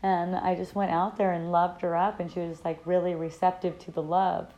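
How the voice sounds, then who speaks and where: A woman's voice: fairly low pitch, little pitch movement, brisk, warm tone, highs cut off. A woman hosting an online dialogue group, telling a personal story in a casual, rambling way, upbeat and effusive with frequent restarts. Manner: rambling, laughs often, many restarts.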